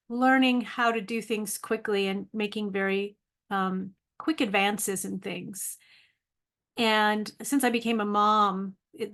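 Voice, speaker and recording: A woman's voice: on the high side, a bit bright. A middle-aged woman, a native English speaker, talking casually to camera in a video diary, chatty and self-deprecating with frequent ums. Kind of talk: casual vlog monologue.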